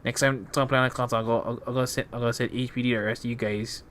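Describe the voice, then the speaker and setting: Podcast host, a man, mid-pitched, restarts a lot. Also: fairly even intonation, rapid-fire, fairly bright tone. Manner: stammering, repeats words often. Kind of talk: casual chat.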